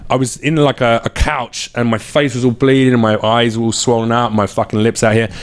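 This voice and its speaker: A man hosting a comedy podcast, telling a rough personal story in a loose, profane way. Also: medium pitch, level tone, a little fast. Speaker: podcast host. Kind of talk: storytelling in casual chat.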